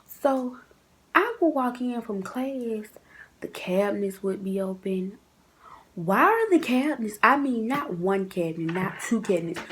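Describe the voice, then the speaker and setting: A young woman casually telling a storytime to her viewers, animated and chatty, with asides to the audience. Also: medium pitch, a little hiss or hum, low-quality recording. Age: young adult. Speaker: vlogger.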